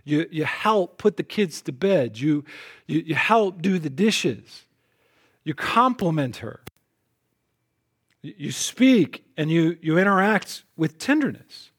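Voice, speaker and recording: In an animated, slightly rough voice, a pastor takes his sermon slowly. He's emphatic, tends to repeat words at the beginnings of phrases, and shifts between forceful loud moments and soft asides.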